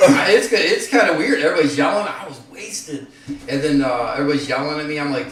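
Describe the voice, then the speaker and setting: A man telling rambling, profane stories in casual chat, growing loud and heated. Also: mid-range voice, animated, fast, recorded from a distance. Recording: echoey room, voice off-mic.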